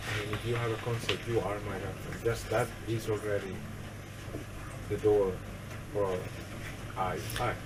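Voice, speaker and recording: Soft-spoken man, distant and noisy. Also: on the low side, flat delivery, moderate pace. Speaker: audience member asking a question. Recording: distant mic with loud background noise.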